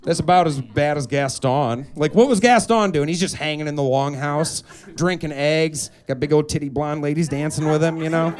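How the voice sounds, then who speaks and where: A young man doing a stand-up comedy set on a club stage, animated and quick to slip into put-on voices. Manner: animated, jumps into high put-on voices for characters. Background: audience laughter.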